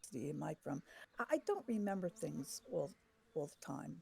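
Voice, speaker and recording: Gravelly low-voiced woman playing a tabletop game. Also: lively intonation, moderate pace, dark tone. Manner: hesitant, with fillers and restarts. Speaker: player.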